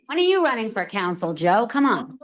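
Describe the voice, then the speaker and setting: A woman council member answering residents at a town meeting in brisk, direct short replies. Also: mid-range voice, big pitch swings.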